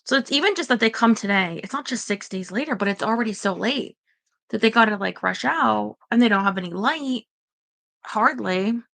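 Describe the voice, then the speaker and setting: A woman's voice: a little high, lively intonation, normal speed, creaky, fairly bright tone. A woman rambling anxiously in casual livestream chat, talking straight to her viewers.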